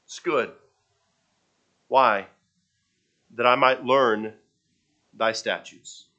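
A man preaching a sermon, often repeating and restarting his phrases, and moving between soft low asides and loud bursts. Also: extremely slow, poor audio.

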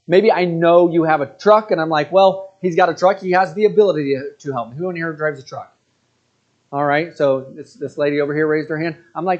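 A man in his forties preaches in a church in a notably high voice. He talks in a conversational, joking way and keeps turning aside to the congregation. The recording sounds dull and lo-fi. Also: fairly quick. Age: 40s. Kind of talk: sermon.

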